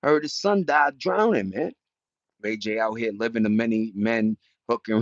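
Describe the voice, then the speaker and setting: A man's voice: medium pitch, wildly swooping pitch, moderate pace, a bit bright, no echo. A young man hosting a casual chat, rambling in slang with many restarts. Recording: dull dry lo-fi sound.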